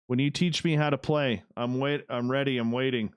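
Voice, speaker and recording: A man's voice: mid-range voice, steady tone, normal speed, clear, resonant tone, dry recording. A man hosting an online radio show, chatting loosely with viewers and talking to himself as he works. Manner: loose, rambling, talks to himself while working. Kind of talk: casual chat reading live viewer comments.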